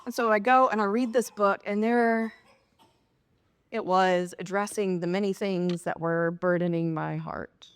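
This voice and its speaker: A woman's voice: fairly even intonation, unhurried, clean tone. A woman pastor preaching a sermon in a conversational way, acting out little dialogues. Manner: conversational, acts out dialogue with rising pitch. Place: church sanctuary.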